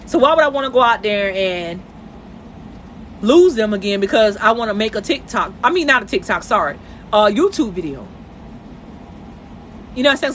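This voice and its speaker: Bright-voiced woman on a phone live stream. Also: on the high side, a little hiss or hum. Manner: emotional, conversational, addresses viewers directly. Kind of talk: casual live-stream monologue. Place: at home, in bed.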